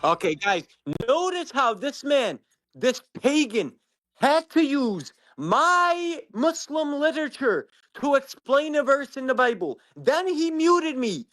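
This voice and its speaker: A man calling into a live online debate, calm and insistent, repeating short phrases over and over. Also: extremely high pitch, slow pace, no echo. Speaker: caller.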